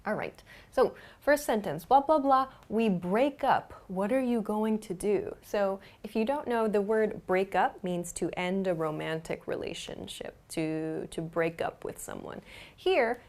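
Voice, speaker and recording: A woman explaining English grammar in a patient, clear lesson, with frequent small fillers. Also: mid-range voice, unhurried, darkish tone. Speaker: English teacher.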